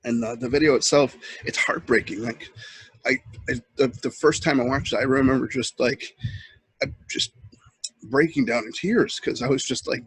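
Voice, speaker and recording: Host type: earnest, halting man, husky tone, close and dry sound. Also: mid-range voice, dry recording, low-quality recording. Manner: earnest, halting, with many restarts. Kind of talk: casual webcam monologue.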